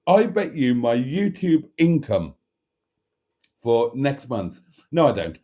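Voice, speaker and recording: Mellow, middle-pitched male host, rambling and teasing in casual chat. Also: sing-song, slow pace, pauses often, rough recording. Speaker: host of a live stream.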